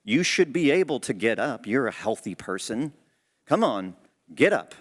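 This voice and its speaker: A man acting as an impatient wife who scolds her injured husband. Her tone is sharp and brushes him off. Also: medium pitch, big pitch swings, normal speed, in a large hall. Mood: scolding.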